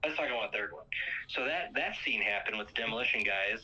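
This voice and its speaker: A man's voice: lowish voice, animated, quick pace, bright, forceful tone, husky. A man hosting a casual movie recap chat, rambling and filling gaps with um and uh. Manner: rambling, fills with um and uh. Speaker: podcast host. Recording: lo-fi muffled sound.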